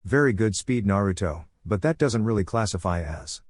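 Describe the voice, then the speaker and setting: Guy reading a patient ninja teacher, low voice, dry room. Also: animated, normal speed, no room sound. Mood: surprised.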